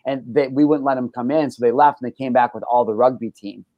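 A young man hosting a talk show, telling a wild story in a rough, profane way full of fillers and restarts. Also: mid-range voice, fast, no room sound, muffled recording. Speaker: host.

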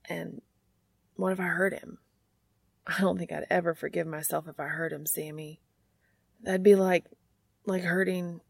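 A woman's voice: lowish voice, little pitch movement, unhurried, creaky, long pauses, husky, no room sound, full character voice. A woman voicing a guarded young man who chokes up, then turns to teasing his brother. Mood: tearful.

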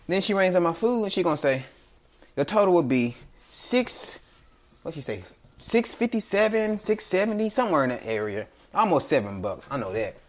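A man, hosting a podcast and ranting in a casual story about bad restaurant service, acting out each side of the exchange in quoted voices. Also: mid-range voice. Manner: animated, acts out both sides of the exchange in quoted voices. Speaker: podcast host.

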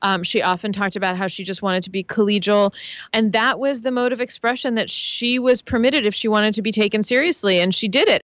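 Smooth-voiced woman making an argued case. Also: medium pitch, fairly quick, a bit bright, no room sound. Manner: analytical, earnest, building lists of points. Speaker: interview guest. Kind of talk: radio-style interview answer.

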